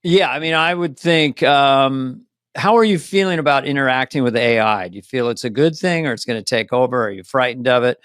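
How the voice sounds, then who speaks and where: A man co-hosting a podcast in casual chat, talking in an animated, playful way and slipping into quick impressions. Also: medium pitch, clear, resonant tone, dry recording, clean studio sound. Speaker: podcast co-host.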